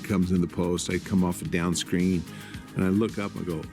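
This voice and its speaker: Deep-voiced man recalling a story. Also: little pitch movement, a little fast, over music. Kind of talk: storytelling in interview.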